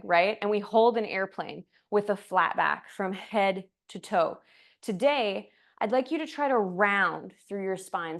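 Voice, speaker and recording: A woman teaching a yoga class, calling poses in time with the breath and slipping in chatty asides; she is out of breath from moving. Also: mid-range voice. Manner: breath-paced cues, chatty asides with light laughs. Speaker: yoga instructor. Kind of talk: cueing a live yoga class.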